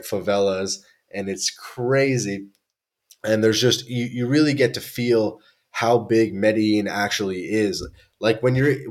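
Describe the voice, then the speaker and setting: A young Canadian man, appearing as a podcast guest, tells travel stories in a relaxed, slangy way, often restarting his sentences. His voice is lowish and slightly mellow in this casual chat.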